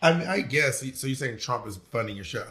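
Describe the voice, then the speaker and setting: Bright, teasing male podcast co-host. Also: medium pitch, animated, fairly quick. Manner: swearing, teasing. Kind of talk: casual chat.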